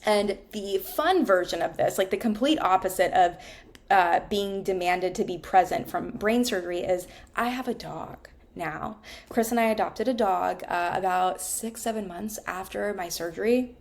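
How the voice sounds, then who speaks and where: A woman talks through her own story, frank and unguarded and at ease with a curse word. Her voice sits mid-range with a gravelly fry at the ends of phrases. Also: mid-range voice, measured pace. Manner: frank and conversational, swears casually. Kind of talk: candid personal storytelling.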